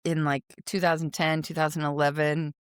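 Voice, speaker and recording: Low-voiced woman hosting a chatty interview. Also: little pitch movement, moderate pace, clean tone, no echo, studio quality. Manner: chatty, rambling, laughs easily. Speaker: podcast host. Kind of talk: casual interview chat.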